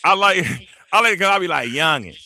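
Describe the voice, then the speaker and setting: A man in his fifties from the Washington, D.C. area, telling stories in a casual panel chat, animated and slang-heavy. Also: high-pitched, fairly quick, no echo. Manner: animated storyteller, slang-heavy, acts out quotes. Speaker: panel host.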